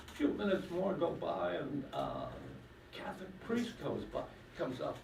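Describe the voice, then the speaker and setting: A man's voice: fairly high pitch, huge pitch swings, a little slow, creaky, a little mellow. A man telling jokes on stage at a talent show in a hall, rambling with fillers and putting on voices for the characters. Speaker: stand-up comedian. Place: senior center hall. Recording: echoey hall from far off, faint noise.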